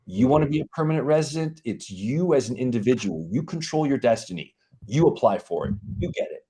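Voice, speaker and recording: A man, a company head, explaining as a guest on a live stream, briskly acting out quoted exchanges. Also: medium pitch, lively intonation, warm tone. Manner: brisk, acts out quoted dialogue.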